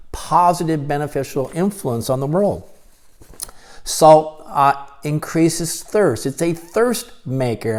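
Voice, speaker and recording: A man, a church pastor, giving a recorded video sermon in a steady teaching tone with occasional halting restarts. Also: fairly high pitch.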